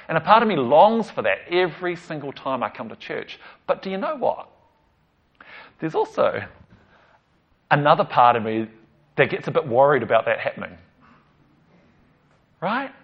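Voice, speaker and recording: A man, a pastor, preaching a conversational sermon and retelling a story with lively emphasis and casual asides. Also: a little high, moderate pace, pauses often, breathy edge. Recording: slightly dull lo-fi recording.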